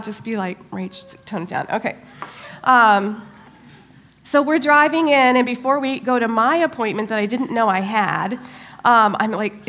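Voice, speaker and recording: A middle-aged woman giving a church talk, telling a personal story in an animated way, with many pauses and fillers. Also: fairly high pitch. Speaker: church speaker.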